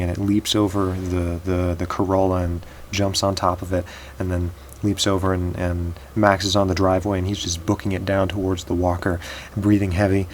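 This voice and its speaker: Low-voiced man telling a story haltingly. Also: slight background noise, poor audio. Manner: halting, repeats words often. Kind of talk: improvised spoken storytelling.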